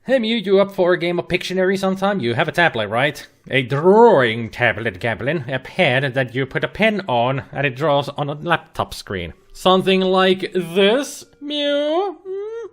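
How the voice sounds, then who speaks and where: A game streamer whose voice sits on the high side talks animatedly at normal speed with hardly any pauses. Playing an adventure game on a livestream via webcam and laptop, he rambles chattily, full of fillers and restarts.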